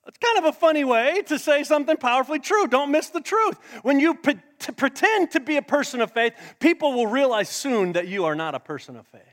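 A male pastor preaching a sermon to a live congregation, dramatic, swinging between loud emphasis and hushed asides. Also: very high voice, very animated, fairly quick, few pauses. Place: church sanctuary with a live congregation. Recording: long church hall reverb.

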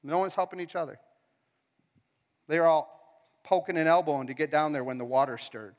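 A man's voice: a little high, fairly quick. A man preaching a casual, conversational sermon in a church hall, asking the crowd questions as he goes. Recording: long hall reverb.

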